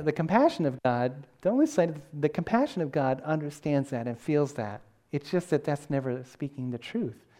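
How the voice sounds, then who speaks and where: Preaching in an earnest, conversational style, a middle-aged pastor often restarts what he's saying. His voice is warm and medium-pitched.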